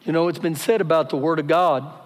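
A man's voice: on the high side, fairly even intonation, a little fast. A man preaching a live sermon as pastor, emphatic and repeating his key phrases. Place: church sanctuary during a service. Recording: live church recording with long reverb.

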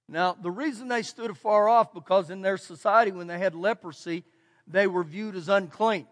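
A man with a Texan accent preaching a sermon as pastor, repeating key phrases and swinging between soft and loud delivery. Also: high-pitched. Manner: preaching with emphatic repetition and shifts between loud and quiet. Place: church sanctuary. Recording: church hall with long reverb.

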